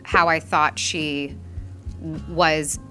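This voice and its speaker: A woman in her thirties chats as a guest over a meal, laughing easily and restarting her sentences. Her voice is bright and forceful, sitting a little low. Soft music plays faintly underneath. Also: level tone, drawn-out words. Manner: chatty, laughs often, trails off and restarts. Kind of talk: casual chat over food.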